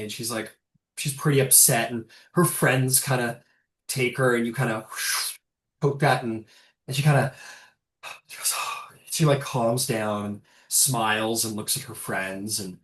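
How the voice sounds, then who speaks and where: A man narrating as game master, casual and halting with many restarts. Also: medium pitch. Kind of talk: narrating a tabletop game online. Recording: roomy echo.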